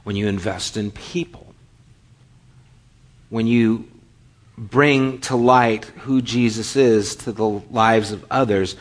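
Animated storytelling man preaching a sermon. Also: on the low side, takes it slowly, pauses often. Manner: animated storyteller acting out dialogue with laughs. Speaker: pastor.

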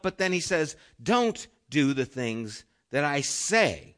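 A middle-aged man delivers a sermon as pastor, his voice bright and a touch higher than most men's. He talks earnestly and conversationally, posing questions to his listeners and letting many phrases fall soft and low. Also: expressive, unhurried, hardly any pauses.

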